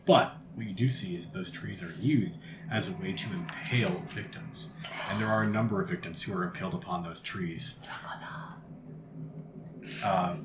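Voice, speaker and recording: A man running a tabletop game as game master, narrating scenes in vivid detail with frequent fillers. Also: fairly low pitch. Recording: roomy recording with steady background noise.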